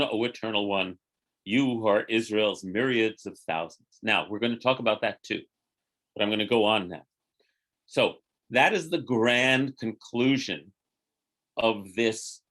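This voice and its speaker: A middle-aged rabbi teaching an informal Torah class, telling the story with lively, acted-out quotes. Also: male voice, mid-range voice. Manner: animated storyteller, acting out quotes in lively voices.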